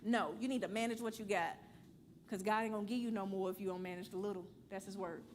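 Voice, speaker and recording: A woman's voice: medium pitch, steady tone, quick pace, a little hiss or hum. A woman teaching a church money class, blunt and playful, quizzing and coaching the room. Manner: blunt, playful, preachy, calls and asks the room.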